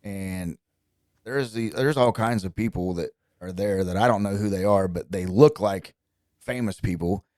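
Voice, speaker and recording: A young man from Indiana, a country singer, telling stories as a guest in relaxed, chatty conversation. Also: sits low, normal speed, no echo, clean studio sound. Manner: relaxed, chatty, lively when quoting people. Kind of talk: casual storytelling.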